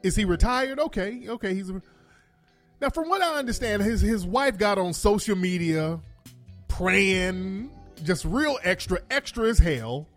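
Animated, cursing man commentator. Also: high-pitched, unhurried, soft background music. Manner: animated, profane, laughing asides. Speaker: commentary host. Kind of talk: casual commentary.

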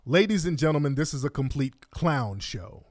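Fired-up guy ranting over a court clip, cussing, kinda high voice, dry close mic. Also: expressive, normal speed, darkish tone, dry recording. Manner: indignant, profane, mocking. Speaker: online commentator. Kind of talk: reaction commentary on court video.

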